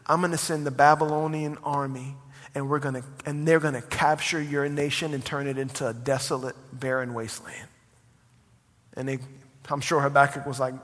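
A man preaching a sermon as pastor, impassioned and rising to near-shouts when he presses a point. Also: medium pitch, level tone, moderate pace, long reverb tail.

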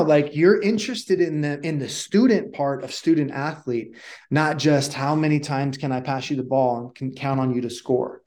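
A middle-aged man who coaches communication, telling stories casually in an interview and acting out the dialogue. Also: medium pitch. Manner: animated storyteller who acts out dialogue.

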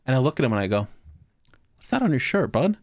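Guy on a podcast telling prank stories, bouncy pitch, dry close sound. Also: big pitch swings, quick pace, a little mellow, no room sound. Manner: storytelling, swears often, laughs at own pranks. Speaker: podcast co-host. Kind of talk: casual chat.

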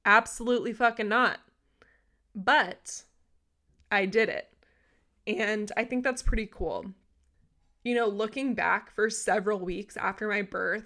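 A young woman hosting a podcast, telling a personal story in a candid, animated way and swearing freely. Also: mid-range voice. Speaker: podcast host. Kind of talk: casual storytelling monologue.

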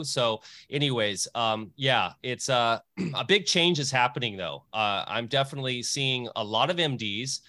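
A man's voice: mid-range voice, pushed and bright, no room sound. A man co-hosting an interview, talking earnestly with many fillers. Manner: earnest, filler-heavy, emotional. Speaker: podcast co-host. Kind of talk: casual interview talk.

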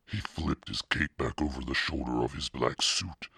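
Deep gravelly male audiobook narrator, crisp edge, dry close mic. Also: steady tone, moderate pace, pushed and bright, dry recording. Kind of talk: storybook narration.

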